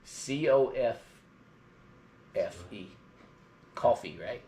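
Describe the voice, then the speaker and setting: A man's voice: mid-range voice, lively intonation, extremely slow, dark tone. Middle-aged guy w a light southern drawl rambling on a live stream, bit of hiss behind him. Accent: mild Southern US drawl. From Georgia, US. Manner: rambling storyteller. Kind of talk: casual live-stream chat.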